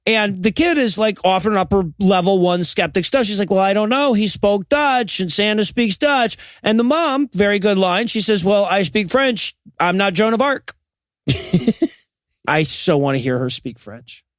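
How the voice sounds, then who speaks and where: A man's voice: high voice, animated, moderate pace, no room sound. A man co-hosting a comedy podcast, recapping movie scenes with mock quotes and frequent laughter. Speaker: podcast co-host. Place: podcast recording.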